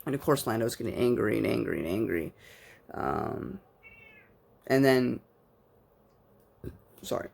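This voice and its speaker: Guy w a gravelly voice doing a loose chatty book review, excited fan, lots of ums. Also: fairly low pitch, measured pace, pauses often. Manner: rambling, enthusiastic fan with many fillers. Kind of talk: casual spoken book review.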